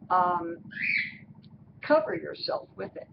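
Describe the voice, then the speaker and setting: A woman teaching a Bible study lesson, explaining slowly and repeating key phrases. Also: lowish voice, vocal fry. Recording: muffled recording with steady background noise.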